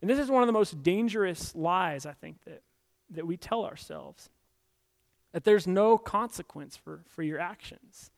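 A male pastor with a notably high voice delivers a sermon to a church audience. He talks in a relaxed, conversational way and often doubles up words as he works toward his point. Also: a little slow, gravelly. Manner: conversational, repeats words while building points.

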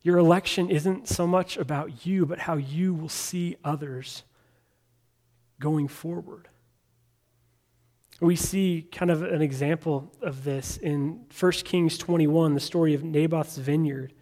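A man's voice: a little high, steady tone, takes it slowly, warm tone. A man preaching a sermon in a conversational way, retelling scripture stories in his own words.

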